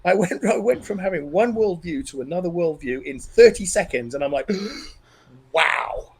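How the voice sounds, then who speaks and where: An earnest, middle-aged man tells a deeply personal story as a podcast guest. His voice sits a little high for a man, and he stops and restarts his sentences as the emotion comes through. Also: animated, moderate pace, darkish tone, breathy edge, poor audio. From Australia.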